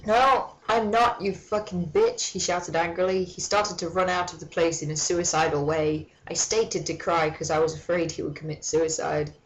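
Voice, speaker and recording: A woman's voice: deep voice, little pitch movement, moderate pace, few pauses, low-quality recording. A woman giving a mock-dramatic reading of a fan story, breaking off for sardonic, swearing asides. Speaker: comedic reader.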